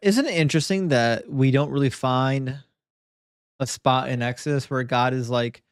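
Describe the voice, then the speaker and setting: A man's voice: mid-range voice, normal speed, smooth, no echo, clean studio sound. A man co-hosting a podcast, chatting casually and making opinionated, joking remarks. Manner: opinionated, joking, half-serious rants. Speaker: podcast co-host. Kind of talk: casual chat.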